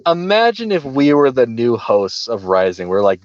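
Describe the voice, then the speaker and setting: A man's voice: mid-range voice, animated, normal speed, hardly any pauses, no room sound, muffled recording. A man co-hosting a political podcast, talking casually with a sarcastic, mocking edge and frequent laughs. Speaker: podcast co-host.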